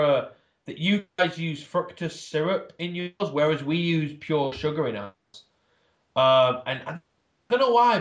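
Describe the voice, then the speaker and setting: A podcast guest from England with a voice on the high side rants and swears heavily during a casual interview chat. The recording is muffled and has a roomy echo.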